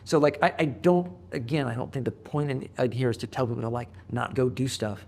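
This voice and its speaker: A middle-range man's voice, neither high nor low, in his forties. He talks bluntly and swears freely, with animated bursts of emphasis. He comes across as a podcast host in a candid sit-down. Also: a little fast, vocal fry. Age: 40s. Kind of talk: candid conversation.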